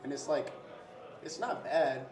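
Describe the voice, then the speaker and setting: A man's voice: a little high, lively intonation, measured pace, roomy sound, crowd noise. A young man who owns a restaurant, talking casually in an interview. He says "bro" a lot and acts out little scenes with customers. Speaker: restaurant owner. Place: his restaurant.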